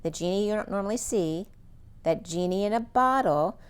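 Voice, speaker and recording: A woman giving a solo spiritual reading, thinking aloud as she lists word meanings in a musing run-on flow, her voice going a little hoarse. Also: mid-range voice, animated, moderate pace. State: losing her voice, slightly hoarse. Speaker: spiritual reader.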